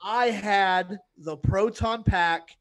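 A man co-hosting a podcast in casual chat, with quick interjections and wry jokes. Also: high voice, a bit bright. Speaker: podcast co-host.

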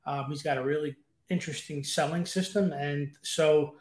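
A man's voice: a little high, steady tone, normal speed, darkish tone, roomy sound. A man chatting casually as a podcast guest, talking eagerly and rambling with fillers. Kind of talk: casual chat. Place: room at home with guitars.

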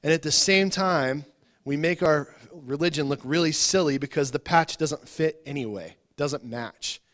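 A man preaching to a congregation in an informal, chatty way, his voice sitting a little high for a man. He stumbles over repeated words and keeps asking his listeners questions as he talks. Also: measured pace, a bit bright. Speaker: pastor. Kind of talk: conversational sermon.

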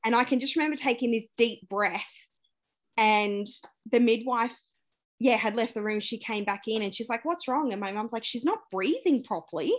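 A woman's voice: a little high, moderate pace. A young Australian woman, a podcast guest, candidly retelling a personal story, acting out what people said and laughing as she goes. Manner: candid, animated retelling with acted-out quotes and laughter.

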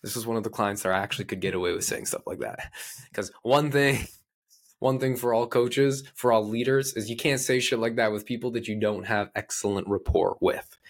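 A man, a life coach, telling a story in a casual, blunt and animated way, swearing freely. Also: on the low side.

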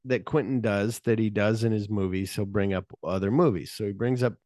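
A man's voice: on the low side, steady tone, fairly quick, darkish tone, no room sound, clean studio sound. A man hosting a casual podcast chat, recapping a film plot and swearing freely as he jumps into quoted lines. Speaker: podcast host.

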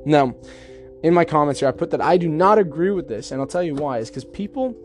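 A man's voice: a little high, animated, a little fast, a little mellow, soft background music. A man hosting a casual self-help monologue, chatty and reflective, often acting out imagined dialogue. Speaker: podcast host.

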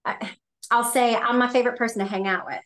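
A woman's voice: a little high, steady tone, quick pace, a bit bright. A woman hosting a casual interview podcast, rambling through her questions and restarting them as she goes. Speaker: podcast host.

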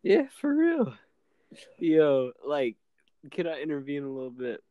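A young man co-hosting a casual chat, laughing often and rambling in a relaxed way. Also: a little high, a little slow, no room sound, lo-fi sound. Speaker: co-host.

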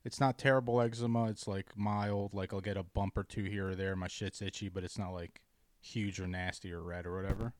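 A man in casual chat, ranting profanely about his bad day, dropping to mumbles and then yelling. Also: sits low, steady tone, a little fast.

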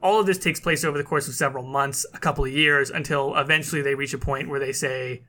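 A man co-hosting a casual gaming talk show, animated and laughing often as he acts out what others said. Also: mid-range voice, fast, few pauses. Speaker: podcast co-host. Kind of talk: casual chat.

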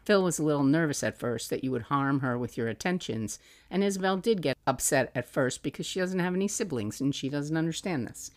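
A middle-aged woman, a podcast host, fondly reading aloud from a journal she kept for her young son, with soft laughs. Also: low-pitched.

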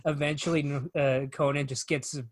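A man on a casual chat show, recounting scenes at length in an animated, joking way. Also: a little high, normal speed, no room sound, poor audio. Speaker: podcast co-host.

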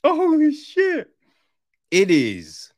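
Reviewer, slow-paced but swingy delivery, dry close sound, casual and sweary. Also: high voice, dry recording. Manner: animated, swearing, acts out reactions. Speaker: film reviewer.

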